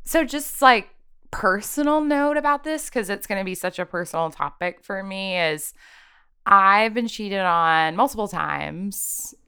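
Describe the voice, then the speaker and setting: A woman's voice: medium pitch, a little slow, clear, resonant tone. A woman co-hosting a podcast in casual chat, playful and giggly, laughing often. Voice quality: giggly, animated. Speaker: podcast co-host.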